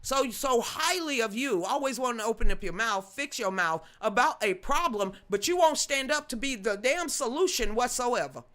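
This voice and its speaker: A woman's voice: on the high side, expressive, normal speed, hardly any pauses, a bit bright. A woman hosting a live-streamed news commentary show, ranting bluntly with slang and mild cursing while answering chat comments.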